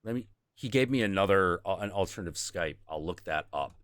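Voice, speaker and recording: A man hosting a casual stream, telling a story in a rambling, profane, animated way. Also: sits low, fairly quick, no room sound, clean studio sound. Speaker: host.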